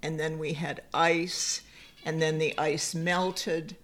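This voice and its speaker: An older woman co-hosting a podcast, telling family stories in a casual chat. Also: low voice. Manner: slow, animated storyteller. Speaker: podcast co-host.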